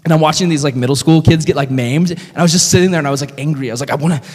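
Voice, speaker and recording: Young guy youth pastor, kinda high voice, chatty animated sermon, big echoey hall. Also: rapid-fire, slightly rough. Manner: animated storytelling, heavy use of "like". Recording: long reverb of a hall.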